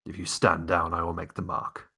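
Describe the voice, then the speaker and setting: A man's voice: low-pitched, monotone, normal speed, gravelly, sharp tone, slightly rough, exaggerated voice. A man voicing a defiant crusader commander who speaks in terse, declamatory lines.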